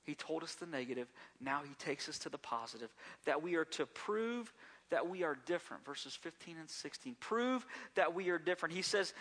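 A man's voice: on the high side, animated, normal speed, fairly bright tone. A man preaching a sermon as a pastor, talking conversationally and often asking the congregation rhetorical questions.

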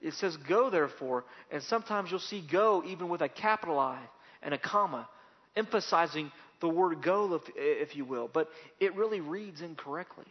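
A male pastor with a slightly high voice preaches a little fast, driving his points home through repetition and rising, emphatic bursts. The audio is dull and lo-fi, and a long reverb lingers after every phrase.

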